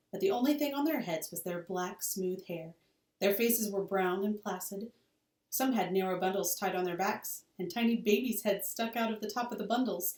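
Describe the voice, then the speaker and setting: Expressive woman reading a story aloud. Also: mid-range voice. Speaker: teacher. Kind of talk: reading a children's novel aloud. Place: school room. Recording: roomy, distant mic.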